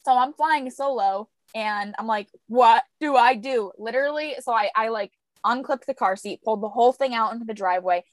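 Young woman, podcast co-host, casual chat, animated storytelling, dry close sound. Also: fairly quick, hardly any pauses, no echo. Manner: animated storyteller, squeaky voices for quoted baby. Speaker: young mother.

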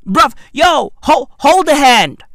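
A man in a rambling, profane rant who keeps asking "right?" and swings between loud outbursts and low mutters. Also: very animated, slow, no room sound, clean studio sound.

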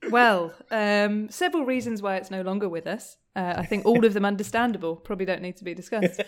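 A woman's voice: medium pitch, fairly quick. Giggly young woman guest, full of ums. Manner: laughs often while talking, hesitant with many ums. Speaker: podcast guest. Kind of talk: casual chat.

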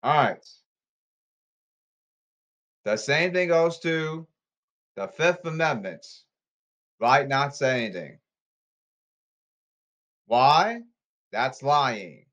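A man's voice: medium pitch, lively intonation, takes it slowly, long pauses, a bit bright, highs cut off. Man with repetitive, emphatic podcast rambling. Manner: repetitive, emphatic, stop-start phrasing. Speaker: podcast host. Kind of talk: rambling solo commentary.

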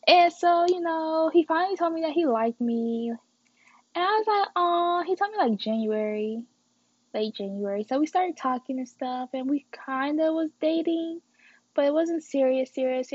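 A young woman podcast host, telling a story casually and animatedly, acting out texts and swearing freely. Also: sits high. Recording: dry, dull lo-fi audio.

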